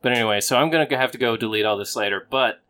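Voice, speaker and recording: A man's voice: medium pitch, racing, sharp tone. Dry-joking male podcast host. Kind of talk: casual chat.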